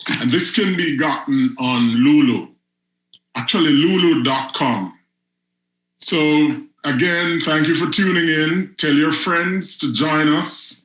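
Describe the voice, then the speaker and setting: Man doing spoken word poetry, really slow and emphatic, bit of a higher voice, kinda echoey room. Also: fairly bright tone. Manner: slow, emphatic delivery with drawn-out repetitions. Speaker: host and poet.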